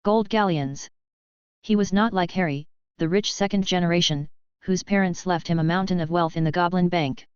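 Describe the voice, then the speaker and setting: A woman reading a fantasy audiobook in an even, steady narrating voice, close to the mic. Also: on the low side, moderate pace, clear, resonant tone, dry recording. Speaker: audiobook reader. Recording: dull, lo-fi, dry.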